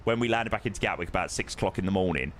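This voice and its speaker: A man's voice: low-pitched, rapid-fire, fairly bright tone, a little hiss or hum. A young man casually chatting with his live-stream viewers while flying a sim, matey and greeting people by name.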